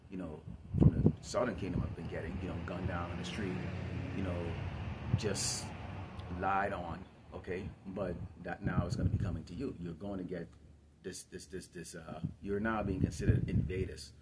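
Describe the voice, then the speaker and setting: Low-voiced emphatic man preaching. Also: fairly even intonation, moderate pace, very noisy. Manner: emphatic, repetitive, asks the listeners questions. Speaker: camp teacher. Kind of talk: preaching to a congregation.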